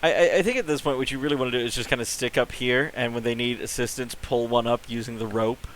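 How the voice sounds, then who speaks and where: A man's voice: medium pitch, steady tone, fast, fairly bright tone, low-quality recording. A man at a tabletop game, acting as game master. He sets scenes plainly, rules on the dice and teases his players with a dry, wry edge. A faint hiss sits under his voice.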